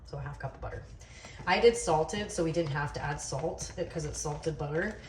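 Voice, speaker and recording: A woman's voice: sits low, moderate pace. A woman hosting a casual cooking video in her home kitchen, chatty and joking at her own expense. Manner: chatty, joking, self-deprecating. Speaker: cooking channel host. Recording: echoey kitchen, distant mic, background noise.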